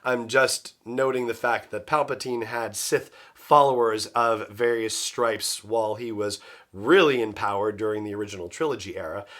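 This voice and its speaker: A man's voice: lowish voice, moderate pace, fairly bright tone. A man hosting a solo podcast, thinking aloud in a loose, speculative way with frequent fillers. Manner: musing, speculative, many "you know" fillers. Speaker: podcast host.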